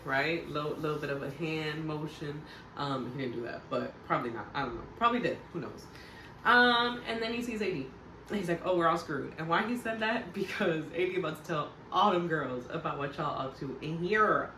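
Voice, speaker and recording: A woman's voice: sits low, sharp tone, distant mic. A woman casually recapping a reality TV show in a chatty, slangy, blunt way. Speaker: TV recap vlogger. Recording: roomy echo, voice off-mic, faint background hum.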